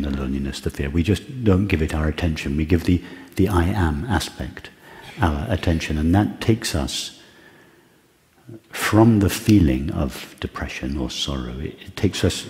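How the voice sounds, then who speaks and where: A man, a spiritual teacher, answering a question in a slow, contemplative way, measured and soft, his phrases trailing off quietly. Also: extremely low pitch. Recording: long reverb of a hall.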